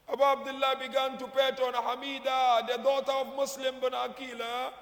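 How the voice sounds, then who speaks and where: A man's voice: extremely high pitch, level tone, moderate pace, hardly any pauses, fairly bright tone. A man, a sheikh, giving a mournful sermon whose narration rises into chanted, wailing lament. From Kenya. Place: mosque or prayer hall. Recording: echoey hall, long reverb.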